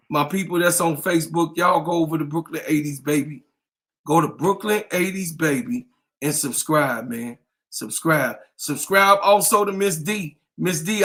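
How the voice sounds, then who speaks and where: A man co-hosting a sports talk stream, pitched a little higher than most men. He talks casually and hypes the audience, piling up repeated shout-outs and calls to subscribe. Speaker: podcast co-host. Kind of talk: casual livestream chat.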